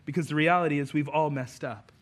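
A man's voice: fairly high pitch, steady tone, fast talker. A man preaching a sermon as a pastor, earnest and conversational, with self-deprecating asides.

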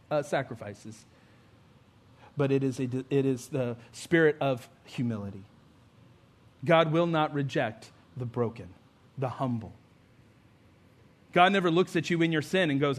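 A man's voice: fairly high pitch, normal speed, long pauses. A man, a pastor, preaching a sermon in a conversational storytelling way, with emphatic rising build-ups.

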